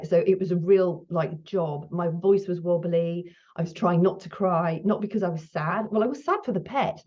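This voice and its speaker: A middle-aged woman hosting her own menopause video, talking candidly to camera while still shaken, her breathing high. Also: mellow. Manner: chatty, candid, laughs now and then. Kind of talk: casual talk to camera. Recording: slightly dull lo-fi sound.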